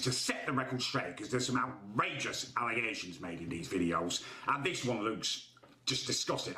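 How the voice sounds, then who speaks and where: A man's voice: medium pitch, bright, forceful tone, far from the mic. A man talking to the camera as a YouTuber, sarcastic and exasperated in his indignant commentary. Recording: roomy echo.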